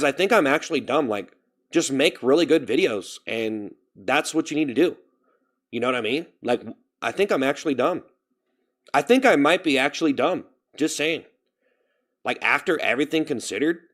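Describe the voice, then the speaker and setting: A man's voice: on the high side, animated, normal speed, a bit bright. Man venting on a live stream. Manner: rambling, repeats himself, self-pitying venting. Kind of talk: casual live-stream chat.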